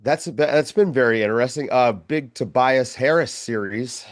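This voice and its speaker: A man's voice: mid-range voice, moderate pace, no room sound, studio quality. A man co-hosting a sports podcast, talking in a laid-back, hesitant way with lots of fillers. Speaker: podcast co-host. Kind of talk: casual sports chat.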